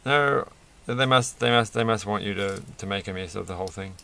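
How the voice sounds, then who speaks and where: A man's voice: fairly low pitch, fairly quick, creaky, bright, forceful tone. A man rambling through a toy build with self-mocking, off-the-cuff commentary, laughing at his own jokes. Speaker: toy reviewer building a set.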